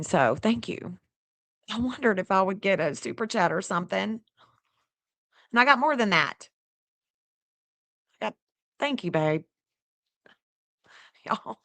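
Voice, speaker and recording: A woman hosting a casual livestream, chatty and excitable, talking straight to her viewers and laughing often. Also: mid-range voice, moderate pace, pauses often. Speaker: livestream host reading astrology maps.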